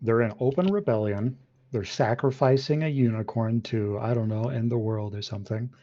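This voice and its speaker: A man's voice: mid-range voice, moderate pace, mellow. A man playing a tabletop game over a call, joking, swearing and laughing often. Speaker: player. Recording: muffled online call audio.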